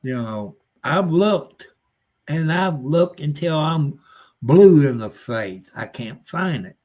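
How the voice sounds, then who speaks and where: A man's voice: a little high, expressive, slow, darkish tone. An older man, chatting casually and rambling on a live stream in a folksy, grumbling way. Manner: folksy, rambling, grumbling, with rural nonstandard grammar. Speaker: livestream host.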